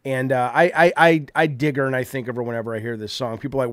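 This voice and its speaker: A man hosting a livestream, swearing heavily and swinging from low mumbled asides to loud indignant rants. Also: big pitch swings, brisk, few pauses, dry recording, studio quality. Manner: heavy swearing. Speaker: livestream host. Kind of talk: profane livestream rant.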